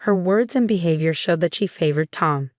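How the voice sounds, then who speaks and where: A woman reading a first-person family drama in an even, steady storytelling voice. Her voice sits a little low, and the recording is close and completely dry. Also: moderate pace, dry recording. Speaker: narrator.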